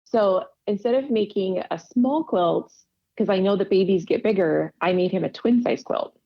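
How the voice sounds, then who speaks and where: A woman's voice: mid-range voice, moderate pace. A woman casually telling stories in an interview, laughing often and acting out quoted dialogue. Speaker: podcast guest, quilter. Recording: dull lo-fi audio.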